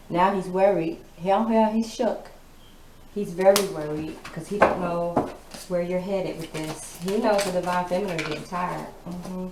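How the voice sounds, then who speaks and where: A tarot reader with a fairly low, steady voice at normal speed gives a casual reading, blunt and sassy with plenty of swearing. The recording is in an echoey room with background noise.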